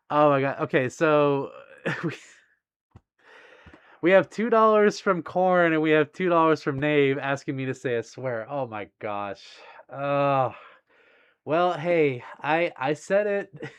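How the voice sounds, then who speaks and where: A man's voice: a little high, expressive, takes it slowly, long pauses, clean tone, highs cut off. A man hosting a casual livestream, reading out viewer messages with frequent bashful laughter. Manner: giggly, bashful, laughs often between remarks. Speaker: livestream host.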